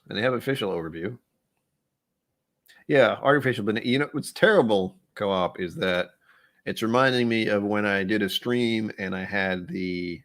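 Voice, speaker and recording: A man's voice: fairly low pitch, a bit bright. A man hosting a casual tasting livestream, talking in a rambling, offhand way and thinking aloud. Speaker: livestream host.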